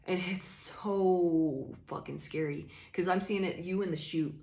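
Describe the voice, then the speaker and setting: A woman's voice: lowish voice, steady tone, a little slow, creaky, darkish tone. A woman giving a casual tarot reading, talking straight to the viewer in loose, rambling sentences full of swearing and "you know.". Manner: emphatic, swears freely, addresses the viewer directly. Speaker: tarot reader.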